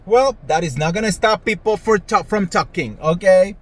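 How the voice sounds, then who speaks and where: A man's voice: sits high, normal speed, rough recording. A man hosting a celebrity gossip show, talking casually in a sassy, dramatic way and swearing freely. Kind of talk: casual commentary monologue.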